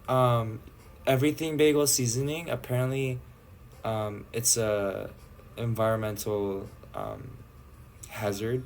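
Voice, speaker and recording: Playful young Canadian man, slow chat. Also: medium pitch, a little mellow, slight background noise. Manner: chatty, playful, drifting between topics. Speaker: idol livestream host. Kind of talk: casual livestream chat with viewers. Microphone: phone livestream.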